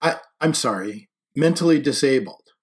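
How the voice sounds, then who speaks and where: A man's voice: mid-range voice, lively intonation, moderate pace, pitched above the performer's own voice, natural voice. A man voicing a blunt, sarcastic teenage girl in an audiobook reading, with a teasing manner.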